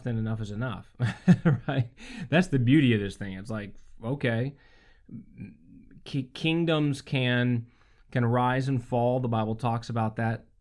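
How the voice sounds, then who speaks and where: A pastor delivering a sermon at a middle pitch. His delivery is casual and chatty, full of restarts and rhetorical asides to the listener. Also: darkish tone. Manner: conversational, many rhetorical "right?" asides.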